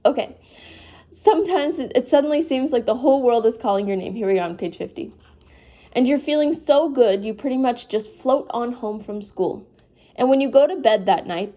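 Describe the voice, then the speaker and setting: Woman reader, sleepy, informal read-aloud, mellow voice pitched a touch high. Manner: informal, breaks off to apologize and comment. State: sleepy, yawning. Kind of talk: casual read-aloud of a novel.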